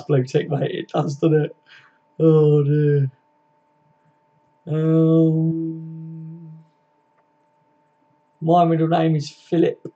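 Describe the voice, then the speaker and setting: A man's voice: a little high, dark tone, husky. A man hosting a casual football fan live stream, reading out chat comments in a laddish way, swearing and calling viewers mate. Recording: dull lo-fi stream audio.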